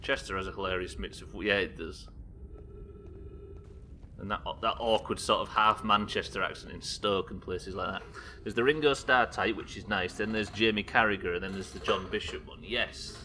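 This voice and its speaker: A young man from the UK livestreams a game from home, chatting loosely with his viewers and reading their messages aloud. His voice sits low yet comes across bright and forceful. He rambles, mocks himself and swears without a second thought, with a faint hum of noise underneath. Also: fairly even intonation, normal speed. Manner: rambling and self-deprecating, swears casually, reads chat aloud. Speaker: game streamer. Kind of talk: live gameplay commentary chatting with viewers.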